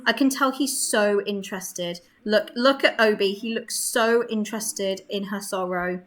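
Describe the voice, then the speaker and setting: A young woman chatting excitedly while playing a life-sim game, laughing often. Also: mid-range voice, a little slow. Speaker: gaming creator. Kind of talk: casual gameplay commentary.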